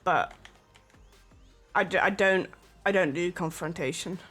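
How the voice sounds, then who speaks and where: A streamer from England talks in a loose, rambling way, with plenty of filler words and little laughs. The voice sits at a middle pitch. Quiet game music plays faintly underneath. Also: a little slow. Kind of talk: casual stream chat.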